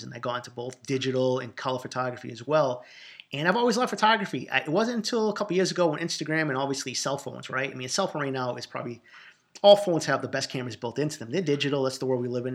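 A man's voice: fairly high pitch, a bit bright. A man with a Boston accent hosting a solo podcast, answering listener questions in an emphatic, profane, boastful way. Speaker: podcast host.

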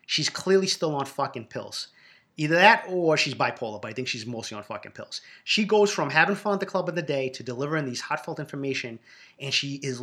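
A Boston man with a Boston accent delivers a casual, profanity-laced rant about reality shows. He is blunt and ranting throughout. His voice is bright and forceful, at an ordinary middle pitch. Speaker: reality TV reviewer.

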